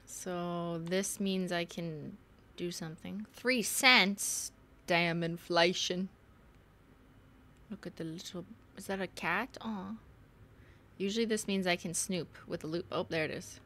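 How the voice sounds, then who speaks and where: Woman streamer, bright voice, chatty, laughs a lot, reads text aloud. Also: fairly low pitch, slow pace, a little hiss or hum. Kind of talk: casual gameplay commentary.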